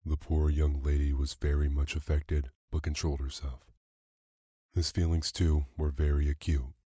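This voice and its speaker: A man narrates a classic story for listeners dozing off, keeping a calm, even pace. His voice is extremely deep and mellow, with almost no melody. The recording is close and dry. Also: normal speed, slightly rough, no echo. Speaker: podcast narrator. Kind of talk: bedtime story reading.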